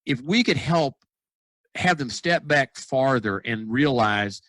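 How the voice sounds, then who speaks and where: A dentist and consultant telling stories in a casual podcast conversation, acting out dialogue with lots of restarts. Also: male voice, medium pitch, takes it slowly, no room sound, rough recording. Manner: animated storyteller, acts out quoted dialogue; frequent restarts and repeated words. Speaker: dentist and practice consultant guest.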